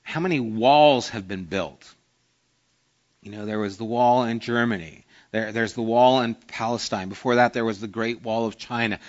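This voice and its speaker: A man's voice: medium pitch, moderate pace, fairly bright tone. Earnest male pastor preaching, muffled audio. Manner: earnest, conversational preaching with anecdotes. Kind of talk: sermon.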